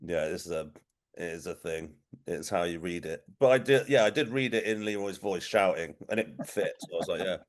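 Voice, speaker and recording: A man's voice: sits low, a little fast. A British man hosting a casual chat who often stumbles over restarts and laughs a lot. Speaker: podcast host.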